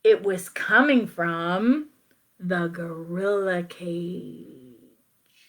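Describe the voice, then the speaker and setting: A woman reading a children's picture book aloud, playful and expressive, with asides to her young listeners. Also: on the low side, very slow. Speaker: children's story reader.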